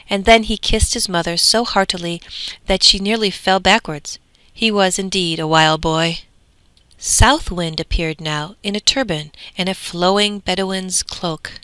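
A woman narrating a fairy tale in a clear, measured way. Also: medium pitch, sharp tone, dry recording.

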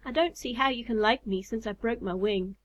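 A woman's voice: fairly high pitch, fairly quick, close to an everyday voice. A woman voicing a brave, modest male moth with a crooked feeler, speaking plainly and humbly in a storybook. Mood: humble.

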